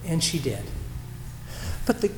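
A male pastor delivers a reflective sermon in a slightly higher voice, pausing and restarting as he tells a story. His words ring out with long reverb across a large church hall, and faint ambience sits behind him. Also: big pitch swings, background noise. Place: church sanctuary. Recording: roomy church hall echo.

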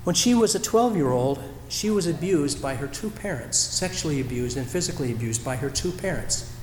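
A man preaching a sermon as a pastor, telling a story in a reflective way with pauses and restarts. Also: on the high side, expressive, darkish tone, a little hiss or hum. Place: church sanctuary. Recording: roomy church hall echo.

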